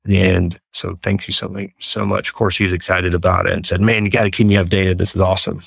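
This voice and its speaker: Gravelly low-voiced man. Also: brisk, dry recording. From Texas. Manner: earnest, animated storyteller. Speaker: guest. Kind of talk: storytelling interview.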